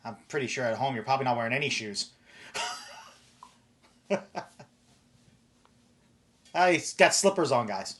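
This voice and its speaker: A man hosts a laid-back livestream and chats easily with a guest. His pitch sits in an ordinary middle range. He reads out viewer questions in a loose, friendly manner. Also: a bit bright. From Florida, USA. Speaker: host. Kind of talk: casual livestream chat.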